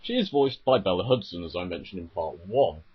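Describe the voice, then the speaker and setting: A man's voice: low voice, lively intonation, fairly quick, breathy edge, lo-fi sound. A man delivering a casual, sarcastic and exasperated vlog rant. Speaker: video ranter.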